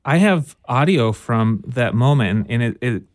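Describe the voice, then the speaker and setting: A man's voice: medium pitch, lively intonation, unhurried, no echo. A man co-hosting a talk radio show, chatting in a playful, joking way in a studio. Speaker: radio co-host. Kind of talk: casual talk radio chat. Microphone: studio microphone.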